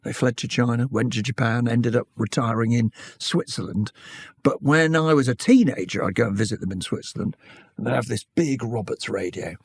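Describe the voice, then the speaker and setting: Gravelly British man recalling his past. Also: mid-range voice, dry recording, studio quality. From Britain. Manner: candid, anecdotal, measured. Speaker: interview guest, broadcaster. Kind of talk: reflective conversational storytelling.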